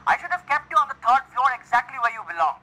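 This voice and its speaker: Man playing a supervisor, radio call, mocking, needling, very high voice, bright tone. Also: sing-song, fast talker, full character voice, rough recording. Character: taunting male supervisor calling over radio. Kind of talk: student stage drama.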